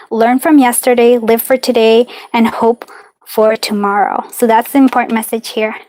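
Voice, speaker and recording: A woman with a slightly high voice leads a live-stream card reading. She talks in a warm, chatty and reassuring way, full of fillers and small laughs. Now and then she drifts away from her device mic. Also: level tone, moderate pace, dry recording. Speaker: tarot and charm reader.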